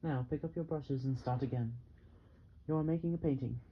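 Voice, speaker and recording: A man's voice: medium pitch, fairly quick, dull audio, a little hiss or hum, natural voice. A man voicing a stern, demanding male art teacher who gives curt, scolding commands. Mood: firm.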